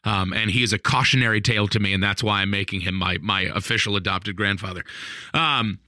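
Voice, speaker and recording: A married man casually telling a funny story on a podcast, animated, laughing often, with plenty of fillers. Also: lowish voice, a little fast, dry recording, clean studio sound. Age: adult, married. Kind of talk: casual chat.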